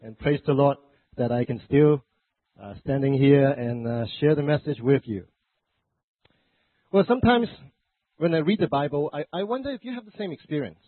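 Man pastor, sermon, stuffy flu voice, husky, conversational, tinny dry phone-like recording. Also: fairly high pitch, animated, normal speed, pauses often, no echo. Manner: conversational, self-correcting, joking asides. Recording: dry, phone-like narrow sound.

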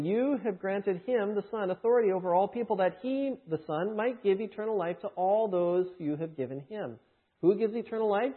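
A man's voice: high-pitched, husky. A man preaching a sermon, teaching through scripture with emphatic rhetorical questions. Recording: tinny phone-like sound.

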